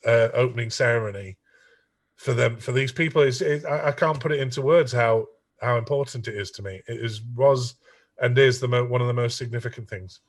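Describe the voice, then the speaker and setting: A middle-aged songwriter telling an animated story, often stumbling over and repeating his words. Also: mid-range voice, distant mic. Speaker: songwriter guest.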